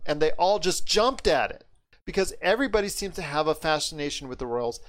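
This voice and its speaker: Upbeat male podcast host from the States, fairly high voice, stretches words for emphasis. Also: lively intonation, a bit bright. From United States. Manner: enthusiastic, drawn-out emphasis. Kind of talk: casual podcast chat.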